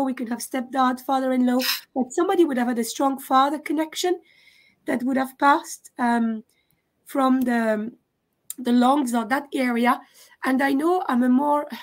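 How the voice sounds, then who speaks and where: A woman giving a live mediumship reading, halting and often stopping to check in with questions. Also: high voice. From France. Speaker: psychic medium.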